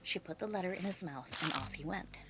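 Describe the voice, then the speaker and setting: A woman narrating a children's storybook in an expressive, dramatic reading style, with music underneath. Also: on the low side, brisk, very noisy.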